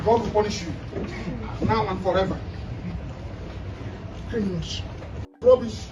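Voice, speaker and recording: An agitated man shouting and repeating himself in a heated confrontation. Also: sits high, a little slow, long pauses. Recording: far-off echoey mic amid loud crowd. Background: loud crowd and street noise.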